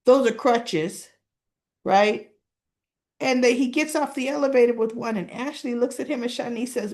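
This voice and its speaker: A woman's voice: a little high, moderate pace, a little mellow. A woman talking casually as she recaps a soap opera episode, with frequent asides asking the listener "right?".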